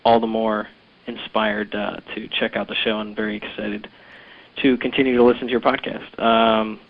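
A man's voice: lowish voice, flat delivery, moderate pace, creaky. A man caller leaving a hesitant, stammering voicemail over a phone line. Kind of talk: voicemail message.

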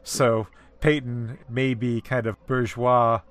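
Slow, smooth-voiced man explaining carefully. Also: medium pitch, level tone, a bit bright. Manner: measured, explanatory, pauses to find words. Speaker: discussion co-host. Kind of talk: casual literary discussion.

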